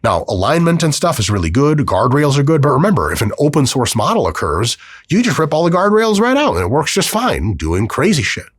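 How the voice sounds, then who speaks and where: A man hosting a podcast, talking casually on his own, profane and animated, acting out quick voices as he goes. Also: a little high, slightly rough, no echo, studio quality. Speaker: podcast host. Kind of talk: casual solo monologue.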